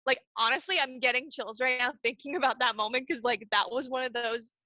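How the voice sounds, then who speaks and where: A woman co-hosting a podcast, recapping a TV episode in animated casual chat full of "like". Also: fairly high pitch, fairly quick, no room sound, lo-fi sound. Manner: animated, gushing, lots of "like". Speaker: podcast co-host.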